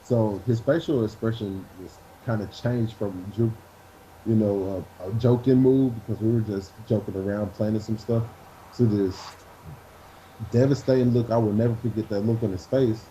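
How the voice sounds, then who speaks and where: A man with a dark, mellow voice tells an old wrestling story in an animated, conversational way. The recording sounds dull and muffled, with faint background noise. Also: on the low side, moderate pace. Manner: animated storyteller who acts out quotes. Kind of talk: shoot interview storytelling.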